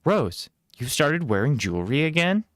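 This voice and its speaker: A man's voice: fairly high pitch, sing-song, normal speed, dry recording, voice pushed up. A man reading a storybook, voicing a sarcastic, dutiful young princess in a raised, dry tone.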